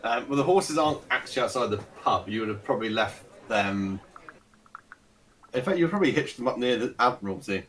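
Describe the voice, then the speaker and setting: A man's voice: mid-range voice, animated, a little fast, a bit bright, far from the mic. A man narrating a tabletop game as dungeon master, hesitant and often laughing.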